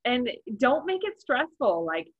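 Woman, 30s, casual podcast guest; slightly husky, a bit muffled. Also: high voice, big pitch swings, unhurried. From Arizona. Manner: chatty, laughs easily. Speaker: guest, macaron baker.

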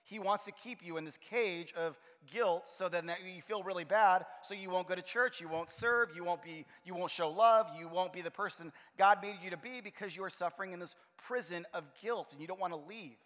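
Man, pastor, high voice, animated storytelling sermon, church hall reverb. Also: a little fast, hardly any pauses. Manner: animated storytelling, acts out his own frustration.

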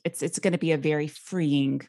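A woman hosting a podcast, supportive and quick to agree with her guest. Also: low-pitched, fairly even intonation, dark tone, dry recording, studio quality. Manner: supportive, frequent agreeing interjections. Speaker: podcast host. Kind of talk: interview conversation.

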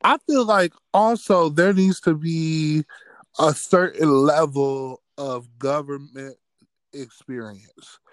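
High-voiced, slow-talking male guest. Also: no echo. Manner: exasperated, sarcastic, laughs often. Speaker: podcast guest. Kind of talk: casual profane chat.

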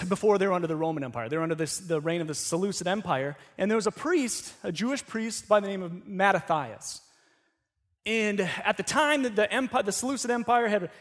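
Male pastor, high voice, relaxed conversational sermon delivery with lots of false starts. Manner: conversational storytelling with many restarts.

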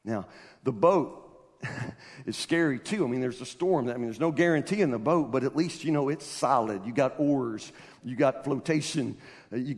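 A man preaching a sermon as pastor. He talks conversationally, with laughing asides and stammered restarts, and builds up to loud, emphatic passages. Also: mid-range voice. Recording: reverberant hall.

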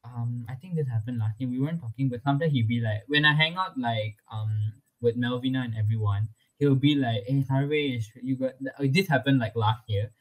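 Young man, casual interview, chatty, lots of fillers, laughs often, medium pitch. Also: brisk, few pauses, rough recording. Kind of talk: casual personal story.

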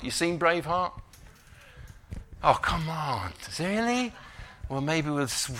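A middle-aged man delivers a sermon, leaning on slow emphatic phrases before easing into quiet, chatty asides. His voice is gravelly with a bright, forceful edge. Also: medium pitch. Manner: drops to quiet conversational asides. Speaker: pastor.

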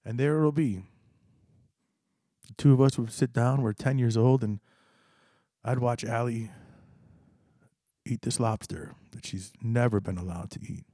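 A man's voice: medium pitch, unhurried, pauses often, dark tone, no room sound, clean studio sound. A man telling a personal story to listeners in a conversational way, speaking to them directly. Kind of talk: spoken storytelling to an audience.

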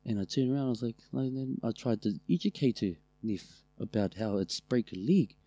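This co-host's mid-range voice moves a little fast as he recounts humorous family anecdotes in his New Zealand accent. Swearing comes easily in the casual, animated conversation, recorded without any room sound.

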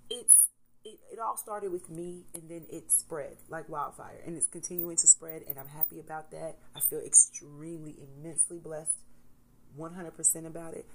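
A woman in her thirties, a mother, talking candidly to camera in a casual motivational vlog, swinging between soft reflection and loud emphasis. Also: low-pitched, a little hiss or hum, poor audio. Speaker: vlogger, mother.

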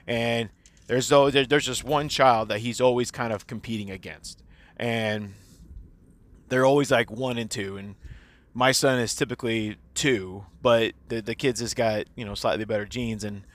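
A man's voice: mid-range voice, steady tone, moderate pace, fairly bright tone. A man in his forties, a teacher, talking casually and candidly in a personal audio diary, rambling and swearing freely.

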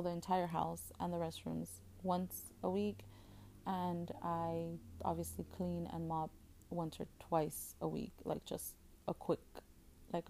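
A woman's voice: on the low side, vocal fry, mellow. A woman in her thirties hosting a podcast, talking in a rambling, casual way with many fillers and restarts, openly emotional. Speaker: podcast host. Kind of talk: casual chat.

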